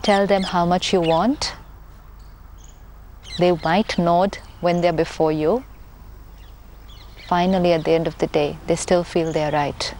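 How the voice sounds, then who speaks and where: A woman with an Indian accent, speaking as a spiritual teacher in a talk-show conversation, measured and earnest, repeating key phrases for emphasis. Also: lowish voice, steady tone, a little mellow, slight background noise.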